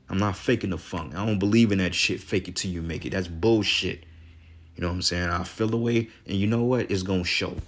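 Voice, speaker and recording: A man with a congested voice giving casual, heated religious talk, profane and ranting, with scripture readings between. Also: deep voice. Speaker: religious commentator.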